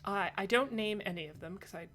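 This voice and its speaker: A woman voicing a brisk woman shopkeeper who sells birds, businesslike and dryly teasing. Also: mid-range voice, fairly bright tone, pitched above the performer's own voice, close to an everyday voice.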